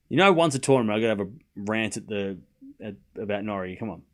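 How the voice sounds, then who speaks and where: His voice leaning low and his pace fairly quick, an Australian man rants to his live tennis stream's viewers. The tone is mocking and casual, animated, directed at chat.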